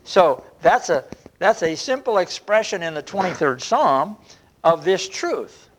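A man preaching a sermon in an earnest way, often stretching key words slowly and restarting phrases. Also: high-pitched, sing-song, fairly bright tone. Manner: earnest, drawn-out emphasis with frequent restarts.

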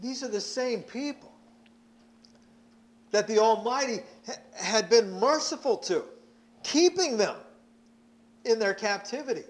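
A man's voice: very high-pitched, animated, unhurried, long pauses. A man preaching a sermon, emphatic, repeating words as he presses his points.

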